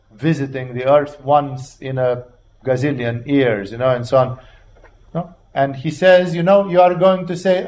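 Man preaching in blunt, animated style. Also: on the high side. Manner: animated, acts out voices of biblical figures, blunt and profane. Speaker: religious teacher. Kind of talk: informal sermon on the Gospel.

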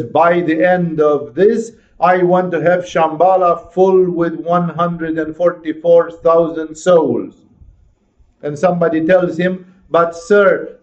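A man preaching on a gospel passage, acting out dialogue in an animated storytelling manner. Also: high voice. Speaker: spiritual teacher. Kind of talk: sermon. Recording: dull lo-fi recording.

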